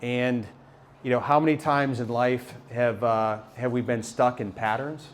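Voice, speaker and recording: A man telling a story live to an audience, animated and halting, with many repeated words and fillers. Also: medium pitch. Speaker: motivational speaker. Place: talk venue with a live audience.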